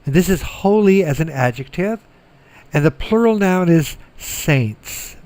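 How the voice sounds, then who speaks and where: A middle-aged man giving a recorded lecture, slow and methodical, repeating words so students can follow. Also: on the high side, animated, darkish tone. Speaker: Greek teacher.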